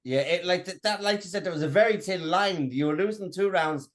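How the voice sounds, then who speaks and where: A man interviewing a fighter, asking casual questions in a halting way, restarting and repeating words. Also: sits high.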